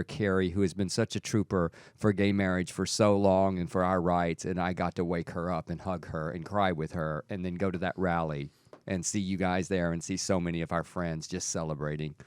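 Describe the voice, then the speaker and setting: A middle-aged man co-hosting a casual talk show, telling stories with lively, caffeinated energy. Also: deep voice, normal speed, clean tone, no echo, studio quality. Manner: animated storyteller, wired on caffeine. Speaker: co-host. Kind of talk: casual chat.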